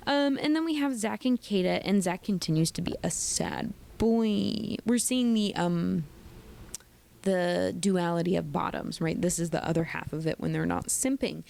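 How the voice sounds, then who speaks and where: A woman's voice: medium pitch, creaky. Sassy woman recapping reality TV. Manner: sassy, opinionated, animated. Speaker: recap host.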